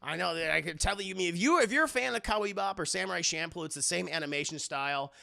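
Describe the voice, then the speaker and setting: A man's voice: high voice, animated, fast, vocal fry, pushed and bright. A man giving casual, profane live-stream commentary, recapping a cartoon episode and often talking to his chat. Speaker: streamer reviewing an animated show.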